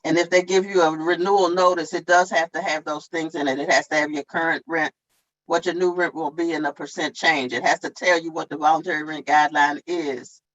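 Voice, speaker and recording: A woman's voice: low-pitched, steady tone, a little fast, fairly bright tone, dull audio. A woman at an online town hall, explaining tenant law step by step in a plain, repetitive way. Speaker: tenant advocate.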